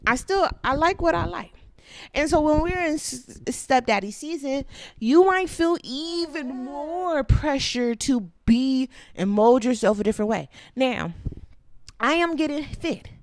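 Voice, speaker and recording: A woman's voice: sits high, lively intonation, a little slow, no echo. A woman hosting a show in a casual chat, candid and profane, laughing often as she rambles while walking and tending her baby. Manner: candid and profane, with loose chatty tangents. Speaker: host.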